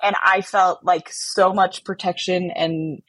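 A woman telling a personal story in a casual, animated way, often saying "like". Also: on the low side, slow pace, no room sound, low-quality recording. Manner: animated, chatty, many fillers like "like". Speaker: podcast guest telling a story.

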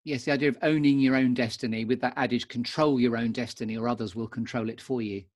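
A man's voice: mid-range voice, steady tone, fast. A man hosting a podcast interview, playful and encouraging, asking questions in a coaching-minded way. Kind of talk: interview conversation.

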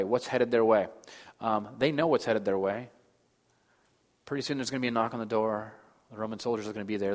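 A man in his thirties preaching a sermon as pastor, moving between loud emphasis and soft, hushed lines. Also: medium pitch. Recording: long hall reverb.

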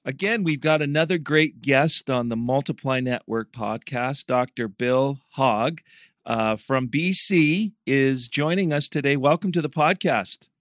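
A Canadian man hosts a podcast interview in an upbeat, friendly way and laughs easily. His voice sits at a middle pitch. Faint music plays behind him. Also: measured pace, a bit bright, no room sound, clean studio sound. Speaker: podcast host.

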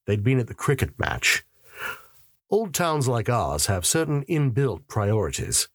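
A man's voice: mid-range voice, big pitch swings, a little slow, no echo, clean studio sound. A man narrating a story in the first person with a wry, sardonic manner.

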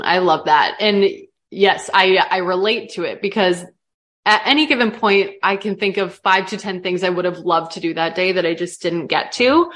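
A young woman from the American Midwest guests on a casual podcast. She talks openly and chattily, sprinkling in likes and ums, in an ordinary middle pitch. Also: a bit bright.

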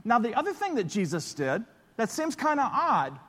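A man preaching a sermon as pastor, telling stories in an animated, lively way. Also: very high voice, moderate pace. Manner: storytelling, animated, excitable bursts. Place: church auditorium. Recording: long reverb of a large hall.

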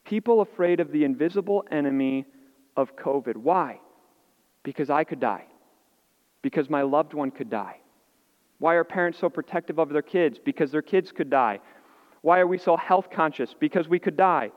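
Guy preaching a sermon, kinda high voice, long echo off the hall, bit muffled. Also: lively intonation. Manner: earnest preaching with dramatic pauses and soft drops. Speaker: pastor.

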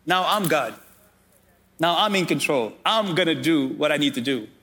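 A man's voice: a little high, lively intonation, moderate pace, fairly bright tone. A man voicing the devil as a boastful tempter within a sermon. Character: the devil tempting, proud and defiant.

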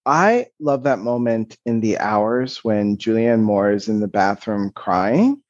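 A man's voice: fairly low pitch, slow pace, a little mellow, muffled recording. A man co-hosting a podcast in casual chat, reflective and analytical as he talks about acting. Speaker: podcast co-host.

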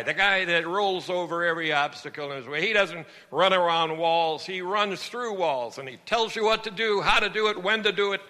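A male pastor preaching a sermon in an animated storytelling manner. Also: on the high side, long reverb tail.

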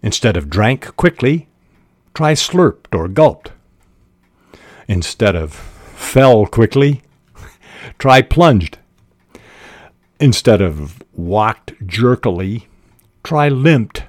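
A man teaching fiction writing in a slow, unhurried way. His voice is low, and he stops often on "uh" while he looks for the word. The sound is close and dry, with no room in it. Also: sing-song, a little mellow, no echo. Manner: measured and deliberate, with frequent "uh" pauses. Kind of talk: instructional podcast talk.

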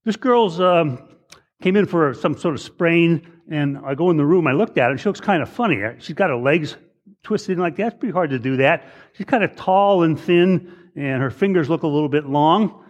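A man's voice: fairly high pitch, moderate pace, muffled recording. Rambling male doctor giving a lecture. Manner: conversational, repeats words, acts out patients in raised voice. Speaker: emergency physician lecturing. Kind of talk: case-based medical lecture with anecdotes.

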